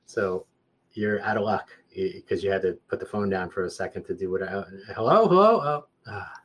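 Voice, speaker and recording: Husky man in casual chat. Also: low voice, brisk. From Southern Nevada. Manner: rambling, restarts sentences, rises in loudness when animated. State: hoarse, clearing throat.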